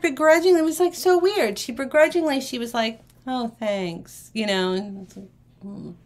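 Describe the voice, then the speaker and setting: A woman hosting a live jewelry shopping auction, chatting away and acting out the people in her stories, then dropping quietly to herself while she handles items. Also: fairly high pitch. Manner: chatty, acts out quoted people in a lively way.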